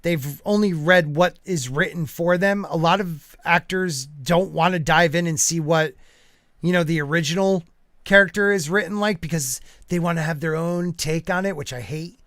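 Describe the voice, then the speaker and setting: Chatty high-voiced male podcast host. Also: moderate pace, a bit bright, dry recording, studio quality. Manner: loose and chatty, with many fillers and asides. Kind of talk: casual podcast chat.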